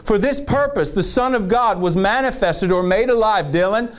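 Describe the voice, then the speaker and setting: A man's voice: high-pitched, normal speed. A middle-aged man preaching a fiery sermon, emphatic and fired up.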